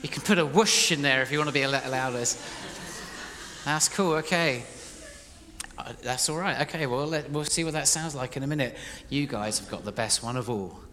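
A man preaching live in a church hall, playful and energetic, directing his congregation as he tells a story. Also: medium pitch, fairly quick. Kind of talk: interactive sermon storytelling. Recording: reverberant hall, faint noise.

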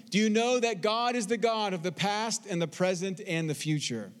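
A man preaching a sermon, expressive, reading scripture slowly and with emphasis. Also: high-pitched, in a large hall. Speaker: pastor.

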